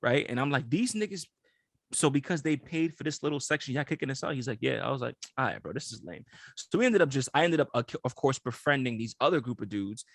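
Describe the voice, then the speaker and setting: A man's voice: mid-range voice, fast, vocal fry, few pauses, dry recording, clean studio sound. A young man co-hosting a podcast, telling stories in casual slang-filled chat and laughing often. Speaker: podcast co-host.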